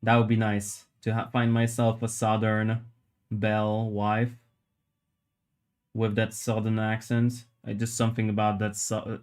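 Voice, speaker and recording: A man with a lowish voice talks to his live viewers while he works, rambling from one joke to the next. His delivery stays fairly level and unhurried in its melody, with a casual swear here and there. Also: a little mellow, clear, resonant tone. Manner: rambling, joking, reads chat aloud. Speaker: livestreamer sculpting while chatting.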